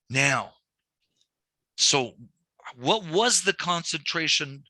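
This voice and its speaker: A man's voice: a little high, normal speed, dry recording. A man teaching a banking class, walking through numbers step by step and telling stories with quoted dialogue. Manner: animated storytelling with quoted dialogue. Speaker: banking instructor. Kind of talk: recorded training lecture.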